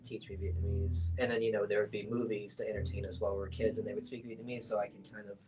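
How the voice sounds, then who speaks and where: A man's voice: on the low side, little pitch movement, fast, a little mellow, poor audio. Young man chatting loosely, full of fillers. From United States. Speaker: artist guest. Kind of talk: casual interview chat.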